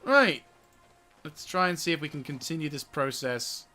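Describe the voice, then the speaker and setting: A man's voice: fairly high pitch, a little fast, bright, forceful tone. A man giving casual gameplay commentary, giggly and exasperated, swearing often. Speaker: gaming video host.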